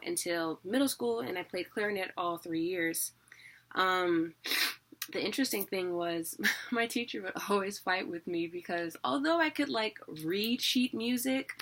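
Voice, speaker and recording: Bright-voiced chatty woman teaching. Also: mid-range voice. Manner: chatty, self-deprecating, laughs often. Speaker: online teacher. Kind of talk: casual video lesson.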